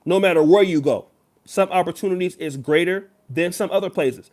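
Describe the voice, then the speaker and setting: A man's voice: sits high, fairly quick, darkish tone. A man giving emphatic direct-to-camera commentary as a YouTuber, lecturing the viewer. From United States.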